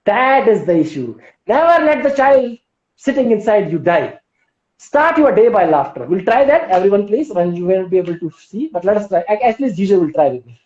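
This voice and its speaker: A woman's voice: medium pitch, very animated, fairly quick, darkish tone. A woman with an Indian English accent teaching yoga on a live stream, persuasive and full of questions to her audience. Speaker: yoga instructor. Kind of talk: live-streamed wellness talk. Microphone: phone or laptop mic on a live stream. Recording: roomy, dull lo-fi live stream audio.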